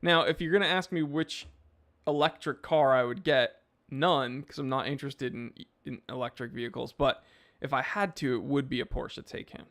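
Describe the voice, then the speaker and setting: Gravelly-voiced man chatting on stream. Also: medium pitch, steady tone, normal speed, fairly bright tone. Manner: laid-back, rambling with fillers. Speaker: streamer answering chat. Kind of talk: casual live-stream chat.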